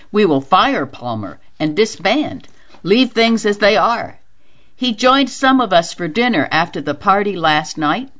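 A woman's voice: on the low side, a bit bright. A woman voicing an earnest, talkative middle-aged woman who is upset and grieving, heard on a dull lo-fi radio reading. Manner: earnest, talkative, rising indignation.

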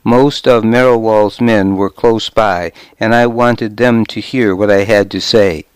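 A man narrating a story in the first person, in a measured, steady storytelling manner, on a close studio microphone. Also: lowish voice, clean tone, dry recording. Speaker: audiobook narrator.

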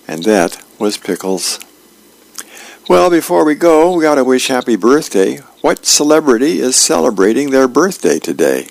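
A man reading advice columns and newspaper comic strips aloud, in a plain, unhurried way with a few fillers. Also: medium pitch, very animated, gravelly.

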